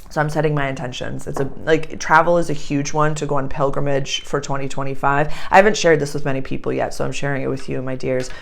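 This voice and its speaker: A woman's voice: very deep voice, flat delivery, fast, vocal fry, few pauses. A woman with a Boston accent talking in a chatty, rambling way, as an astrologer in a casual vlog. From Boston area, United States. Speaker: astrologer and channeler.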